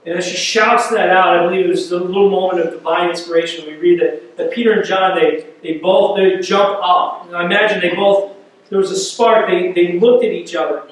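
This man's voice is high-pitched and steady in tone, and he talks fairly quickly. He is a pastor giving a sermon in church, vividly retelling a scripture story and repeating words to build intensity, recorded from a distance in an echoey hall.

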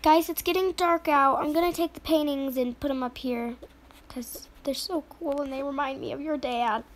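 A woman's voice: high-pitched, steady tone, moderate pace, close to an everyday voice. A woman voicing a fussy, newly divorced mother in a toy role-play, chatty and sighing.

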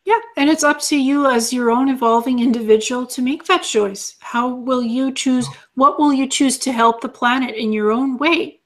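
A woman channeling as an alien being, calmly teaching and repeating her lessons as numbered lists. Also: high-pitched, normal speed, few pauses.

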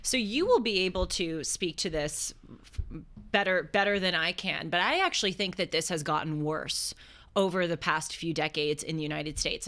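A woman co-hosting a talk show, setting out her opinions in measured, full sentences. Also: on the low side, fairly bright tone. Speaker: co-host. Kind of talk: casual conversational talk show.

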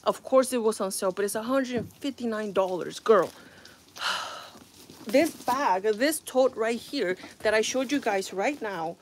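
A woman's voice: fairly high pitch, a little slow, slight background noise. A woman vlogging at home with a phone camera, reviewing a handbag in a rambling, exasperated way with frequent sighs. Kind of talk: casual product review vlog.

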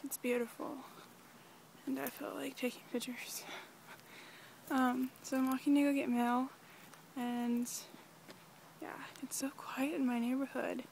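A teenage girl chatting casually in a rambling, giggly daily vlog, talking softly while walking outdoors in a quiet neighborhood. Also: high voice, level tone, a little slow, gravelly, a little hiss or hum. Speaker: vlogger.

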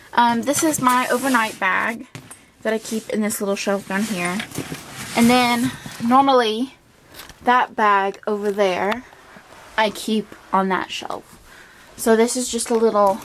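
Casual woman vlogger, higher pitch, chatty and loose, lots of filler words. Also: fairly even intonation, a little slow, long pauses, slight background noise. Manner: chatty, many ums and likes. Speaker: beauty vlogger. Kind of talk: casual closet tour vlog. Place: at home by her closet.

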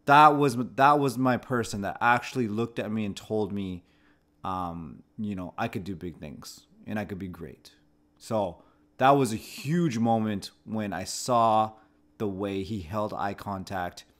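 A man's voice: fairly low pitch, measured pace, fairly bright tone. A man in his thirties, a channel host, reflectively telling a personal story to camera in a conversational way, often restarting his phrases. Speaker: host of a channel about anxiety.

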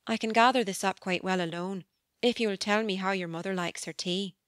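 Casting: a woman as a soft-spoken, scheming young governess, audiobook, smooth and dry sound. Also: mid-range voice, dry recording, close to an everyday voice. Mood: demure. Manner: soft, demure and measured. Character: young governess, meek on the surface, cunning. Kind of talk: audiobook character voice.

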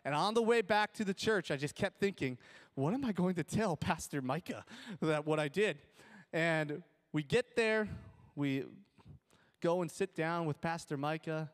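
A young man with an Upper Midwest American accent preaches with a fairly high, bright-pitched voice. He tells his story with lively jokes, laughing at his own punchlines, then moves into teaching. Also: unhurried. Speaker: pastor. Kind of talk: sermon with storytelling.

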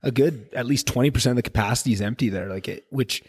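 A man's voice: medium pitch, very fast, slightly rough, no room sound. A young man hosting a podcast, rambling and self-deprecating with lots of fillers and restarts. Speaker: podcast host. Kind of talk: casual podcast chat.

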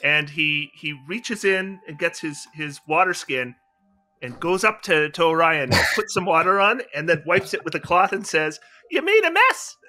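A player in a tabletop game on a video call, upbeat and lively in character. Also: mid-range voice, moderate pace, faint music behind.

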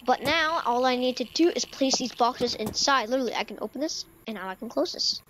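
A young woman talks through her game in a loose, rambling way, stumbling over words and filling gaps with fillers. Her voice sits high. A faint noise hums under the desk-mic recording. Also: fairly quick, a bit bright, low-quality recording. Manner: rambling, stammers, many fillers. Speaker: gaming YouTuber. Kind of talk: casual let's-play commentary. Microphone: desk microphone.

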